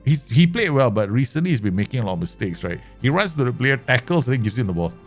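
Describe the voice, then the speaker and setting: Gravelly, joking male game streamer. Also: medium pitch, sing-song, fast, soft background music. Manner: chatty, joking, talks to viewers; mock-angry rants at players, laughing. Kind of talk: casual livestream chat.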